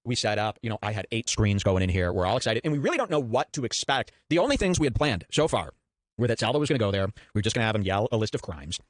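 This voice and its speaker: A man's voice: lowish voice, sing-song, fast, no echo, clean studio sound. A man hosting a podcast, telling a story in a rambling, sarcastic way over clips. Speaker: podcast host. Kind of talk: casual podcast commentary.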